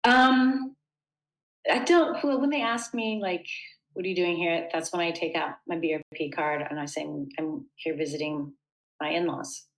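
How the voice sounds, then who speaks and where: Low-voiced woman, earnest interview guest. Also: moderate pace, poor audio. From United States. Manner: thoughtful, earnest, with frequent fillers. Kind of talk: casual interview conversation.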